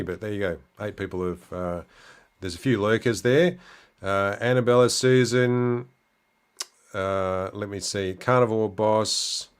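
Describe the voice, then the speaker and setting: A middle-aged man with an Australian accent chats casually on a livestream, working through viewer comments one by one. His voice sits a little low, and his talk is easygoing, full of ums and restarts. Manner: relaxed, chatty, many fillers and restarts. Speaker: livestream host.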